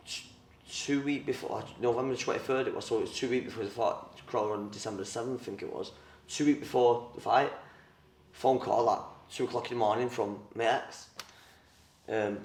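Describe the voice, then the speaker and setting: A man's voice: mid-range voice, steady tone, normal speed, darkish tone. A young man, a former boxer, telling his story in an interview, blunt and rambling, with plenty of swearing and fillers. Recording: roomy, mic at a distance.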